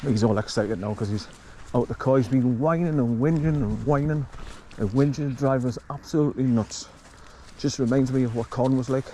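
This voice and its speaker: A man's voice: medium pitch, moderate pace, mellow, slight background noise. A man chatting casually to camera while walking his dog outdoors, breaking off to call the dog. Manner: chatty, talks to his dog between remarks. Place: outdoors on a rural walk.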